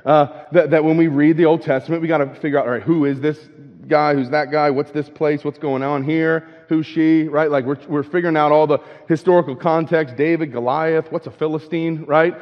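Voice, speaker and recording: A man's voice: on the high side, steady tone, fairly quick, few pauses. A man preaching a sermon in a conversational way. He keeps checking in with "right?", and he repeats and restarts words as he goes. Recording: dull lo-fi with long hall reverb.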